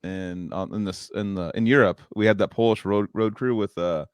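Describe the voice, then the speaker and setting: A man's voice: on the low side, normal speed, smooth, no echo. A man co-hosting a podcast, telling rowdy tour stories with heavy swearing and frequent laughter. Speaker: podcast co-host, metal musician. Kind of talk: casual chat.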